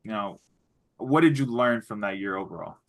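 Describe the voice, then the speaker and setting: Bright-voiced male interviewer. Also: lowish voice, expressive, moderate pace. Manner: long, looping questions with restarts. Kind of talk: conversational interview questions.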